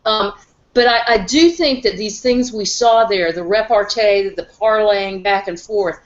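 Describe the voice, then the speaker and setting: A woman's voice: mid-range voice, a little slow, highs cut off. A middle-aged woman chatting animatedly as a guest, addressing the others directly. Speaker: guest panelist, the host's mother. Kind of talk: casual discussion.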